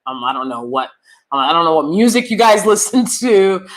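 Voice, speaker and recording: A woman's voice: lowish voice, big pitch swings, a little fast. A woman hosting a live review, an acting teacher who talks to her viewers casually, often repeating words and checking in with "right?".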